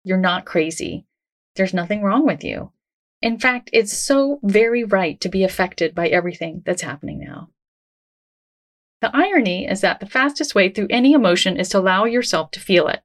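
A woman hosting a self-help podcast, talking in a gentle, reassuring, conversational way. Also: medium pitch, lively intonation, normal speed. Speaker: podcast host.

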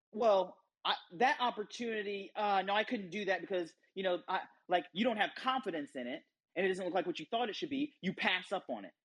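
Male motivational speaker, husky voice, very lively pitch, emphatic preaching delivery. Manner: animated storytelling, emphatic.

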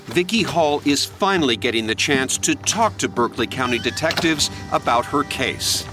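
A man giving measured, dramatic scripted narration for a crime documentary. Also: medium pitch, animated. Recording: music bed under the voice.

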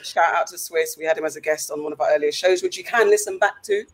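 A woman's voice: low voice, fast talker. A woman hosting a casual podcast, emphatic and swearing casually as she steers the talk. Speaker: podcast host. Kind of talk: casual chat.

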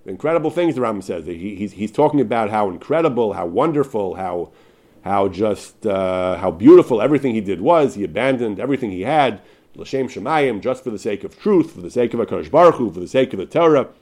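A man giving a Torah class, reading out passages and then explaining them. His pitch swings widely, rising sharply on key points. He stumbles and restarts often but keeps an emphatic, driving delivery. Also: lively intonation, fairly quick, darkish tone. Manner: emphatic, with many restarts and repeated words. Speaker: Torah teacher.

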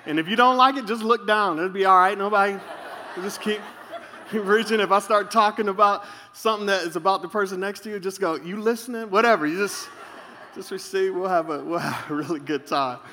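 A man preaching as pastor, telling humorous stories in an animated way. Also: high-pitched, fairly quick, a little hiss or hum. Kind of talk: sermon. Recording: reverberant hall.

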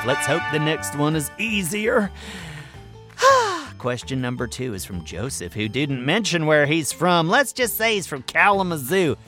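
Bobby Wonder, a boastful furry cartoon hero, hosts a children's radio mailbag. His raised voice swoops wildly up and down with a bright, forceful edge. He is bouncy and self-important, with faint music somewhere behind him. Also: a little high, exaggerated voice. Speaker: radio show host. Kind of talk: scripted children's radio show.

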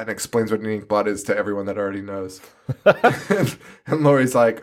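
A young man co-hosting a podcast in casual comedic chat, swearing often, laughing a lot and breaking into shrill mocking impressions. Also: brisk. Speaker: podcast co-host.

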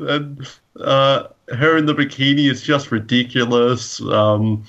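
A man's voice: medium pitch, steady tone, takes it slowly, fairly bright tone, dull audio. A man co-hosting a podcast, chatting casually and enthusiastically, often laughing. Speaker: podcast co-host. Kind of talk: casual chat.

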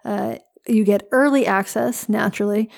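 A woman's voice: medium pitch, normal speed, vocal fry, darkish tone. A woman co-hosting a podcast in casual chat, wry and blunt, talking very close to her mic in a room other than her usual one. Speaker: podcast co-host.

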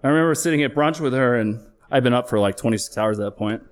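A middle-aged man, a flight paramedic, telling a true personal story on stage, candid and emotional, swearing now and then and slowing down for emphasis. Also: medium pitch.

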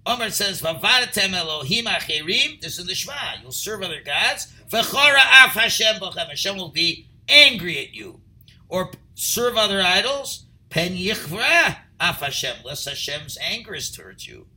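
A man teaching a Torah text class, reading Hebrew phrases and translating them, at times rising to loud emphasis. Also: sits high, big pitch swings, moderate pace, low-quality recording.

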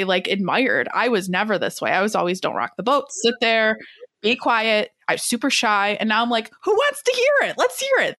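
A woman's voice: mid-range voice, fairly bright tone, no echo, studio quality. A young adult woman hosting a casual interview, talking in a chatty, filler-heavy way and quoting people with lots of animation. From Metro Detroit area.

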